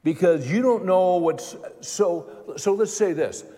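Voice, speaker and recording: Man, 70s, preacher; homespun, conversational delivery, a touch high-pitched, echoing hall. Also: slow, mellow. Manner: folksy, conversational preaching with repeated phrases. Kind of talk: sermon.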